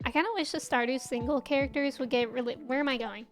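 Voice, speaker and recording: Chatty high-voiced woman streamer. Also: fairly even intonation, quick pace. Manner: chatty, giggly, greets and answers chat. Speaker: livestreamer. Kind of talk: casual chat while playing a game. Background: faint game music.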